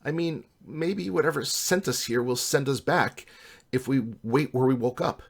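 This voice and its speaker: Dude doing a scared little half-dwarf thief girl, meek and slow, kinda high. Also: vocal fry. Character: timid young woman half-dwarf thief.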